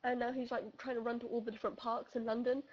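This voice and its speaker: A young woman telling friends a funny story in casual chat, animated and laughing, acting out voices as she goes. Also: a little high, fast, husky, muffled recording. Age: young adult.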